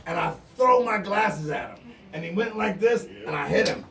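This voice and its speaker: A middle-aged man with an East Coast US accent tells a story loudly and keeps the swearing coming. His voice sits fairly high. He is a bit away from the mic in a roomy, echoing space. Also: moderate pace, vocal fry, recorded from a distance, crowd noise. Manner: loud, animated, profane storyteller. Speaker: podcast co-host. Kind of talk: casual storytelling.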